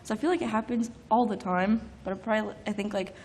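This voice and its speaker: A woman's voice: medium pitch, fairly even intonation, quick pace, darkish tone. A young woman on a convention panel, giggly and rambling as she answers. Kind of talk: panel talk. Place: convention stage.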